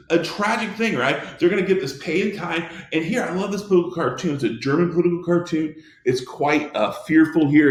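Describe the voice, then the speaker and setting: Emphatic male history teacher, echoey room. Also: fairly high pitch. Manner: emphatic, many restarts and fillers. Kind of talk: recorded classroom lecture.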